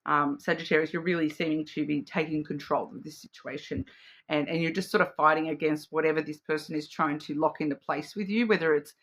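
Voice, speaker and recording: This is a woman doing a relaxed card reading, with a bright, clear tone. She rambles, restarts her sentences and fills gaps with ums and you-knows. Her delivery stays chatty and loose, as if she is talking to a friend. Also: low-pitched, fairly quick. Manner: chatty and rambling, with frequent fillers, self-restarts and laughs; acts out playful quoted voices. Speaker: card reader. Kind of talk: casual intuitive card reading to camera.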